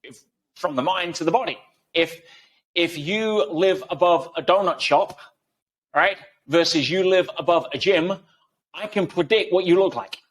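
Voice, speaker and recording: Pitched high and delivered a little slowly, a man's voice explains ideas in a conversational interview. He's the guest, and he leans on ordinary analogies and speaks with emphasis.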